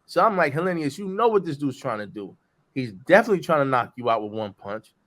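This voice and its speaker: A man co-hosting a boxing talk show, giving animated, rambling commentary full of slang. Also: mid-range voice, fast. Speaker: co-host. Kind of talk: casual commentary.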